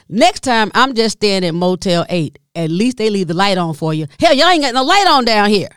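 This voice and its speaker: A woman with a drawl tells a comedic story in an animated, exasperated way. Her voice leaps upward whenever she hits a punchline. The sound is dry and close, with little room echo. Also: moderate pace, few pauses, smooth. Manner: animated, exasperated, with sharp pitch jumps for emphasis.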